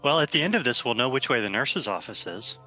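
A man's voice: medium pitch, expressive, fast, sharp tone, soft background music. A man playing a tabletop game, speaking in character with formal, polite, hesitant phrasing. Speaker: player. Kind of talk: in-character tabletop role-play.

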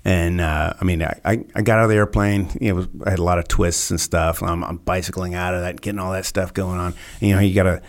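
A man in his fifties with a deep, gravelly voice tells war stories in a relaxed, rambling way. He is a guest on a podcast. He drops in fillers and voices other people as he goes. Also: quick pace, few pauses. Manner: relaxed anecdotes with quoted voices and many fillers. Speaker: podcast guest, former Navy SEAL. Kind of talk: casual storytelling interview.

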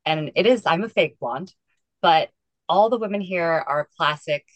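A woman with a notably low voice who chats in a self-deprecating, good-humored way on a casual podcast. The recording is dry and close. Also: lively intonation, moderate pace, dry recording, dull audio. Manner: self-deprecating, chatty, laughs.

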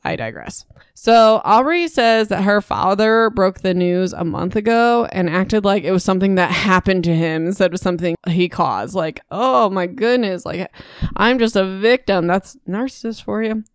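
A woman podcast host recapping a novel in a chatty, animated way with indignant asides. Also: medium pitch, normal speed, clean tone, dry recording, clean studio sound. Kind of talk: casual book recap.

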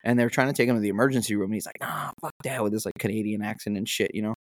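A young man talking fast and easily, dropping swear words as he tells stories. His voice sits at an ordinary pitch and sounds dry and close, with no room around it. It comes across as a casual podcast chat. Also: fairly even intonation, dry recording. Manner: laid-back storyteller, swears freely. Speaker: podcast co-host.

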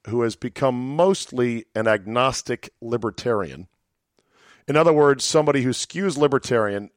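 A man hosts a solo podcast in a casual, profane, conversational way, heard in studio quality with no echo. He throws in sardonic, mock-dramatic asides with sudden jumps in pitch.

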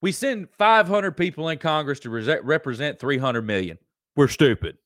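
A man's voice: on the high side, normal speed, a bit bright, no echo, studio quality. A man with a Southern American accent hosting a live-stream show, ranting in a preachy, emphatic way and repeating lines for effect. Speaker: host.

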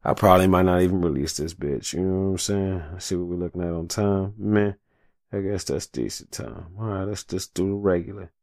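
A man's voice: low voice, fairly even intonation, a little fast, a little mellow, dry recording, studio quality. A young adult man hosting a solo podcast, talking in a passionate, profane rant full of slang. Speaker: podcast host.

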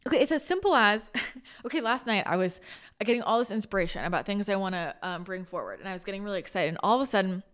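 A woman hosting a spiritual podcast, chatting casually in a rambling, animated way, full of restarts, laughter and casual swearing. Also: medium pitch, fast, clear, resonant tone. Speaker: spiritual channeler and podcast host.

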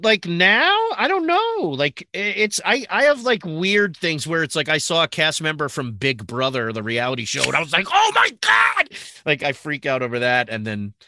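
A man in his forties as an interview guest, talking excitedly with frequent laughs and restarts. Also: on the high side, measured pace, dry recording, clean studio sound. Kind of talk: casual interview.

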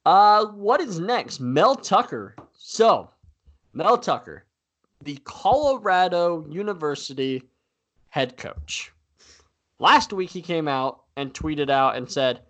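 A man co-hosting a casual sports podcast, talking in an animated way with frequent fillers and easy laughter. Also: fairly high pitch, measured pace. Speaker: podcast co-host.

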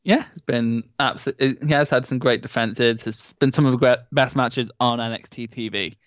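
A man's voice: mid-range voice, steady tone, moderate pace, no room sound. Dry-witted podcast man on a muffled mic. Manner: dry, teasing humour. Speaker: podcast co-host. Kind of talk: casual wrestling review chat.

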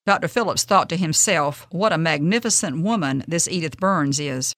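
A woman hosting a radio devotional, reading a faith story in an earnest, gentle, measured way. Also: sits low, no room sound, studio quality.

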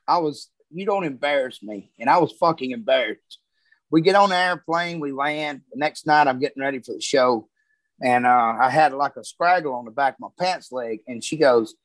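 Comedian, man, slightly high voice, dry close mic, cussing storyteller. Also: normal speed, no room sound. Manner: profane, rambling anecdotes. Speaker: comedian guest. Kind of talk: casual storytelling chat.

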